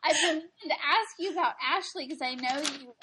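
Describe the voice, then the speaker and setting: Attentive woman interviewer, slightly high. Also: a little fast, bright, forceful tone. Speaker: host. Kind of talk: casual interview chat.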